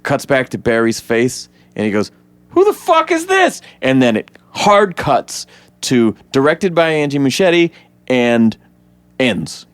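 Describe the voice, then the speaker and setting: A man in casual podcast chat who walks through a movie scene by scene. He keeps jumping into high, excited voices to act out the characters, and his voice sits at a middle pitch. The sound is close and dry. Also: measured pace, clear, resonant tone, dry recording. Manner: animated storyteller, acts out characters in high voices. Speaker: podcast co-host. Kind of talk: casual film recap chat.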